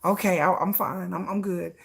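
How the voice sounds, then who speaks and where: A woman hosting a casual pop-music commentary show, talking in a gushing, excitable way with frequent restarts. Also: lowish voice, moderate pace, vocal fry. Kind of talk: casual chat.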